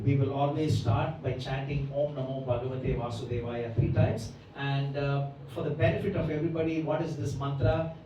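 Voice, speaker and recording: A man's voice: medium pitch, mellow, slight background noise. A man giving a devotional scripture lecture, explaining at length and often checking in with his listeners. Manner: explanatory, often checks in with the audience by asking "right?". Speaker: Bhagavatam class lecturer. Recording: echoey hall, mic far off.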